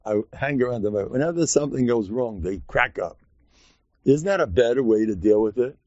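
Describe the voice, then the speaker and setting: A man teaching a Torah class in a lively way, acting out quoted voices and laughing often. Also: mid-range voice, normal speed, dry recording, highs cut off.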